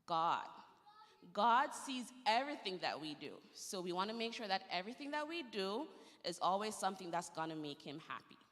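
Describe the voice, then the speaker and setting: A woman telling a story to children during a church service, gentle and lively, in a church sanctuary. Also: mid-range voice, moderate pace, long reverb tail.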